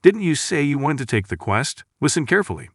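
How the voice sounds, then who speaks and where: A man's voice: on the high side, big pitch swings, fairly quick, no room sound, clean studio sound, pitched above the performer's own voice. A man reading as a cocky ghost warrior. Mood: boastful. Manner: boastful, scolding, mocking. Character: cocky dead warrior ghost, male, brash. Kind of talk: recap narration with read-out dialogue.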